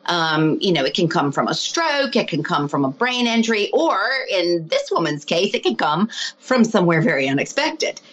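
Chatty woman with a low voice. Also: moderate pace, breathy edge, low-quality recording. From lives abroad, not local. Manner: animated, chatty, many fillers. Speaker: healer guest. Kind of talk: casual storytelling interview.

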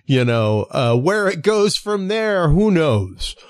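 Slow, hesitant man, dry close sound. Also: on the high side, very animated, no room sound. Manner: hesitant, searching for words. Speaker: podcast host. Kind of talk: casual interview.

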